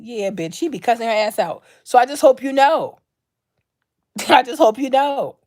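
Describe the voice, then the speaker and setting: A woman vlogger delivering an unscripted rant, blunt and heavy on the swearing. She leans on slang and circles back to the same lines again and again. Her voice sits slightly higher than average. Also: lively intonation, fairly quick, darkish tone. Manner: blunt, profane, repetitive, slangy. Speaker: vlog host.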